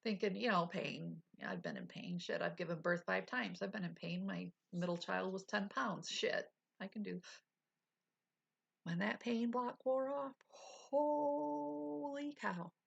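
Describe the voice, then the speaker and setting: Woman, 40s, husky, slow casual storyteller who acts out dialogue and slips into whispers. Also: mid-range voice, lo-fi sound. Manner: animated retelling, acting out quotes, drops to whispers. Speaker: vlogger.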